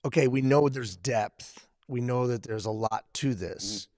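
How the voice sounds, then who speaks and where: Male live-show host, mid-pitched, careful and deliberate questioner, close dry sound. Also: darkish tone, no echo.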